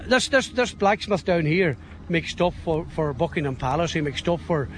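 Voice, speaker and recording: A man's voice: fairly high pitch, lively intonation, normal speed. A man with a Donegal Irish accent chatting at an outdoor show, rambling from one anecdote to the next. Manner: rambling storyteller, chuckling. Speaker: interviewee, event organiser. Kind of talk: casual chat.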